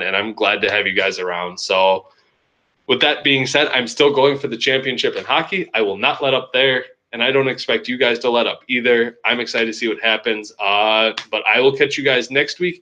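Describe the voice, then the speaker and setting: Bright-voiced young man talking fantasy sports. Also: lowish voice. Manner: loose, joking, rambling with restarts. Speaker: fantasy sports league host. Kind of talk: casual fantasy sports recap.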